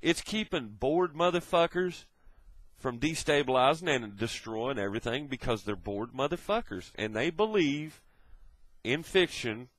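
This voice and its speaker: A man's voice: medium pitch, no echo, low-quality recording. A man delivering a blunt, profane ranting monologue, lecturing in a swearing tone. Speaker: video blogger.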